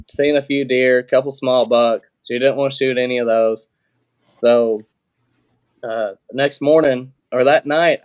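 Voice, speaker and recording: A man with a mid-range voice and a clean tone is a guest on a podcast, telling a story in a relaxed, plainspoken way. His telling is loose, packed with fillers and restarts, and he drops the occasional casual swear word.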